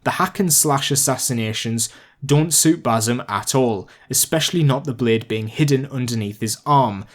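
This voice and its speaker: A man narrating a video game review, chatty and excitable, turning rambling and self-deprecating as he thinks aloud. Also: medium pitch, normal speed. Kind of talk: scripted review narration and off-the-cuff ranking.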